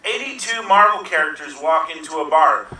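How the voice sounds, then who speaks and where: A man telling improv jokes with a quick, wry delivery. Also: on the high side, lively intonation, crowd noise. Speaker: improv player. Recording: echoey room from far off.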